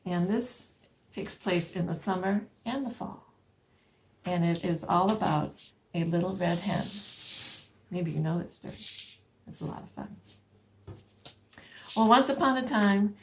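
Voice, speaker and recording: A woman librarian leading a children's storytime, speaking in a gentle, patient, sing-song way. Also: medium pitch, creaky.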